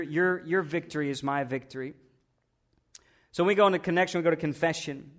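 Higher-voiced man preaching conversationally. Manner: conversational preaching, rhetorical questions, repeats words. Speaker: pastor. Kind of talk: sermon.

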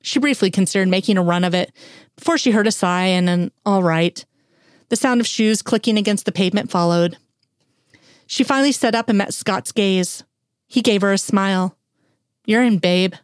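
A woman's voice: mid-range voice, fairly quick, clear, resonant tone, no echo, clean studio sound. A woman narrating an audiobook in a wry, lightly humorous storytelling manner.

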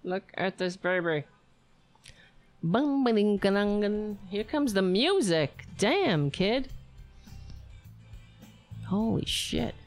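Woman host, casual reaction commentary, sarcastic, swears a lot, unhurried. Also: medium pitch, very animated, soft background music. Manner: sarcastic, profane ranting. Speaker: streamer reacting to video.

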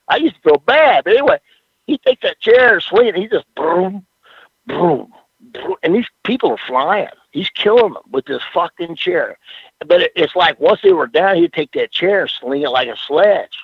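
Older man, raspy, animated, cussing storyteller; dull radio-quality sound. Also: high-pitched, moderate pace, no echo. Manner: profane, rambling storyteller with frequent "you know what I'm saying". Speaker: former pro wrestler, interview guest. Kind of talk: casual storytelling interview.

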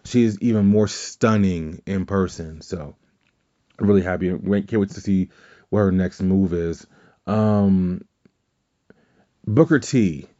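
A man's voice: low-pitched, takes it slowly, long pauses, dark tone. A man co-hosting a podcast, telling a rambling anecdote in a casual chat, often correcting himself and swearing offhand. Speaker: podcast co-host. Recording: dull lo-fi audio.

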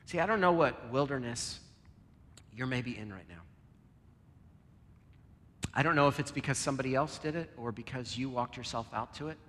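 A man preaching a sermon and leading a closing prayer, earnest, moving between loud emphasis and a soft near-whisper. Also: medium pitch, moderate pace, long pauses. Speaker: pastor. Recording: long reverb, soft guitar behind.

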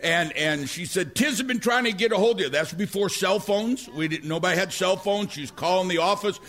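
A middle-aged male pastor preaching a sermon, telling stories with animated energy and rising to near-shouts. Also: sits high, a little fast, soft background music.

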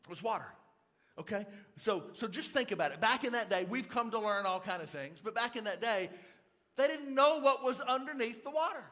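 Animated high-voiced pastor preaching. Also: male voice, fairly quick. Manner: animated storytelling, repeats words, acts out shouts. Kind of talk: sermon. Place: church auditorium.

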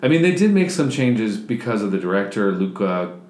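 A man with a fairly low voice talks eagerly about movies, stumbling through restarts and "um"s. The sound carries a noticeable room echo. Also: very animated, fairly quick, darkish tone, a little hiss or hum. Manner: enthusiastic, hesitant with fillers and restarts. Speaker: podcast co-host. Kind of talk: casual chat.

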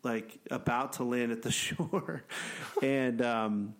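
Gravelly man telling a story. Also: mid-range voice, slow pace. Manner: animated storyteller, laughs often, acts out quotes. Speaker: wilderness ministry program leader. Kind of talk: casual storytelling chat.

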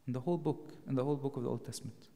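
A man preaching a sermon in a church, explaining scripture and rising to louder emphasis on key phrases. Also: mid-range voice, fairly even intonation, racing, long reverb tail.

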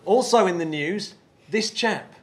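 A man from England co-hosting a space podcast in casual, excitable chat, laughing often. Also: high voice, measured pace. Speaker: podcast co-host.

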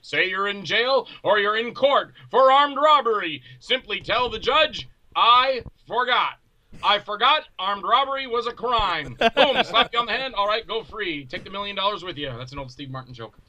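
A man talking as a guest filmmaker in casual chat, an animated storyteller who acts out quoted voices loudly. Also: high-pitched, normal speed, hardly any pauses, muffled recording.

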